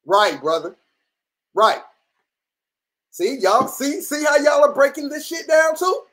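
A livestream host giving blunt, profane, combative commentary that keeps restarting and rises into near-shouts. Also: high-pitched, takes it slowly, long pauses, poor audio. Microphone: computer or phone mic on a live stream.

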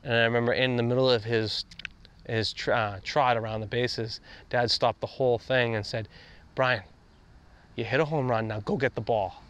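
Flat-toned man with a smooth voice. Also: mid-range voice, moderate pace. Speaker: interviewee. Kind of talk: storytelling interview.

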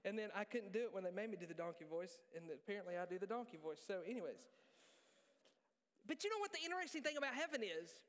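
A male pastor preaching a sermon in a church, joking and animated, poking fun at himself. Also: high voice, quick pace. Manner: joking, animated, self-deprecating. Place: church sanctuary. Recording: reverberant church hall.

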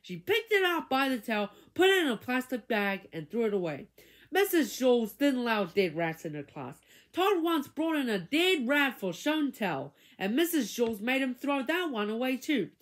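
Expressive woman reading a children's book. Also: on the high side, normal speed. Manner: expressive, dramatic storytelling. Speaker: reader.

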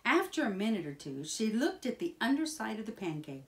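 A woman reading a children's picture book aloud in a slow, expressive, sing-song way. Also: mid-range voice. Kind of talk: children's storybook read-aloud.

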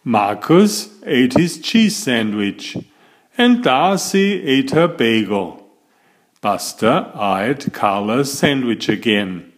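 Man, bedtime story read-aloud, slow pace, lively melodic pitch. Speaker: storybook reader.

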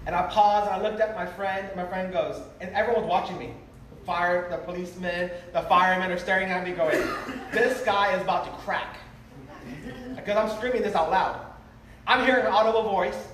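A man with a high voice tells a revival testimony and acts out the people in his story. He sounds far from the mic, and his voice rings through a very echoey hall with faint room noise behind him. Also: steady tone, a little fast, a bit bright. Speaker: revival preacher giving testimony. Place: large revival meeting hall.

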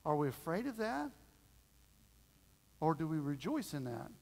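Middle-aged male pastor, folksy storyteller, slightly high voice, church hall reverb. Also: big pitch swings, unhurried, a little mellow. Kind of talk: sermon. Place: church sanctuary.

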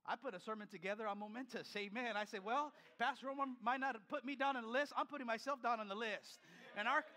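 A man's voice: extremely high pitch, sharp tone. An older man preaching a sermon as pastor, emphatic and repetitive, often restarting his sentences.

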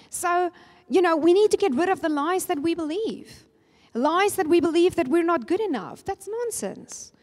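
A woman's voice: very high voice, a little mellow. A middle-aged woman preaching a sermon, earnest and emphatic, her voice leaping up on key points. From Namibia. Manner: earnest, emphatic with rising spikes. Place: church hall. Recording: long church hall reverb.

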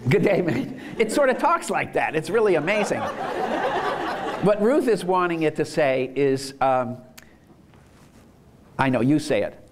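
A man's voice: on the high side, lively intonation, unhurried, pauses often, a little hiss or hum. A man giving an enthusiastic conference lecture, chuckling as he explains ideas. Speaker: lecturer on universal design.

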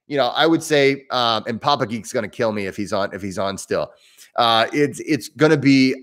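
Guy chatting on a live stream, rambly, lots of ums and restarts, mid-pitched voice. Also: fairly bright tone. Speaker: breathwork teacher hosting a live Q&A. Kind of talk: casual live-stream chat.

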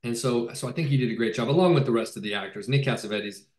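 Enthusiastic director, roomy echo. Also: male voice, medium pitch, quick pace, darkish tone. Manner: enthusiastic, rambling with many fillers and restarts. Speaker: film director. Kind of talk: casual video-call interview.

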